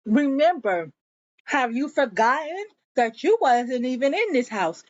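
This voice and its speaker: A woman's voice: sits high, sing-song, unhurried, lo-fi sound, full character voice. A woman voicing a mouthy, defiant young woman who talks back with cutting sass. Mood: sassy. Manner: sassy, cutting.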